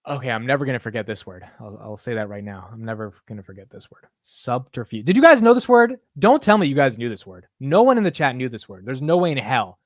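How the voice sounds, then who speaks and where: A man's voice: mid-range voice, very animated, fast, hardly any pauses, no room sound. A man hosting a live market stream, chatting loosely, joking at his own expense and saying "dude" a lot. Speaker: livestream market show host. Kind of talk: casual live-stream chat.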